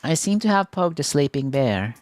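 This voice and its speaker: A man's voice: a little high, very animated, normal speed, a little mellow, dry recording, faint music behind. A man voicing an earnest teenage girl who runs a festival club, reading a game story aloud with voices. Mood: regretful.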